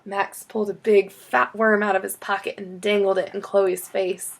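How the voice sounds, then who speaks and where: A woman reads aloud from a children's chapter book, telling the story expressively. Her voice is medium-pitched and creaky, and she keeps a moderate pace.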